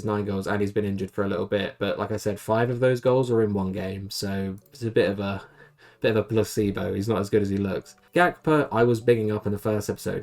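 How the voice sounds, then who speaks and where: A young man rattles through his game commentary at a quick clip, his voice sitting fairly low. He talks in a chatty, rambling way and pokes fun at his own choices. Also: gravelly, darkish tone. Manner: rambling, self-deprecating, chatty. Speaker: gaming YouTuber.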